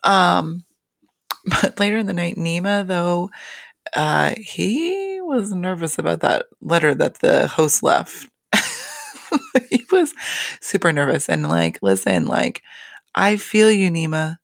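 Gravelly, gushing podcast host. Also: mid-range voice, sing-song, slow pace, pauses often, dry recording. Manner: gushing and profane, chatty and rambling. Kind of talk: casual reality TV recap podcast.

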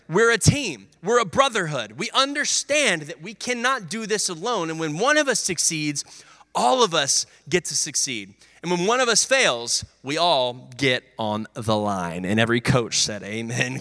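A man's voice: high voice, pushed and bright. A young man preaching a sermon, telling sports stories with energy and acting out the voices of teammates and his coach. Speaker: pastor. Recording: long hall reverb.

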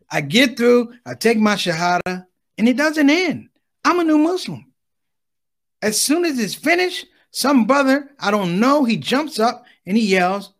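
Animated high-voiced male comedian. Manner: animated, addresses the audience directly, acts out dialogue. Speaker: stand-up comedian. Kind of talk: stand-up comedy storytelling.

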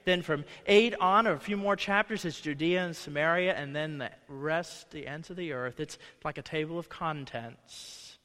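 Male pastor, high bright voice, conversational sermon with acted-out quotes, reverberant church hall. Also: normal speed, few pauses. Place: church sanctuary.

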